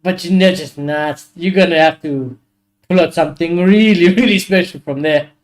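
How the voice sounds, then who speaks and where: A young man hosting a live football watchalong, reacting excitably to the play and swearing freely. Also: on the high side, normal speed. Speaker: watchalong host.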